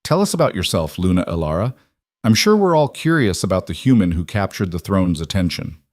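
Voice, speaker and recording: A man's voice: low-pitched, very animated, fairly quick, a little mellow, no echo, studio quality. A man voicing a sly older female wolf alpha who mocks and probes a newcomer. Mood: probing. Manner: sly, mocking.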